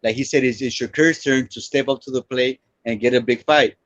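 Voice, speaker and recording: A man argues on a live boxing panel, mid-pitched and insistent, often repeating words as he pushes his point. His audio comes through dry and slightly dull, like an online call. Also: steady tone, fairly quick, fairly bright tone, dry recording. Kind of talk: heated live sports talk.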